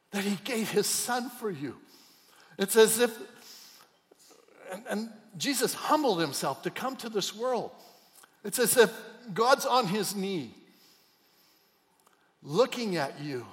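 A middle-aged man preaching a sermon as a pastor, emotional, moving between soft, hushed passages and loud, emphatic outbursts. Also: sits high, expressive, unhurried. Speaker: pastor and chaplain. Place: church hall. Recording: long hall reverb.

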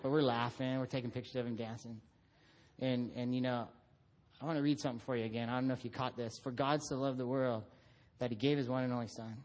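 A middle-aged man preaching a sermon, telling stories about his son and acting out voices. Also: quick pace. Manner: animated storytelling, acts out his son in a high voice. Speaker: pastor.

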